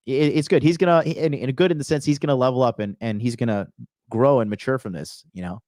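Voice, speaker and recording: A man's voice: mid-range voice, animated, brisk, a little mellow, dry recording, clean studio sound. A man hosting a reaction commentary, talking bluntly and scolding, often repeating a phrase several times for emphasis. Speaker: host of a dating advice channel.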